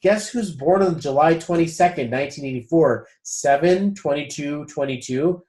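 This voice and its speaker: A man with a somewhat high voice coaches a group in a loose, conversational way. He swears now and then and keeps talking straight to the group as guys. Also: normal speed, darkish tone. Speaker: spiritual coach leading a group session. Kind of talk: casual group coaching talk.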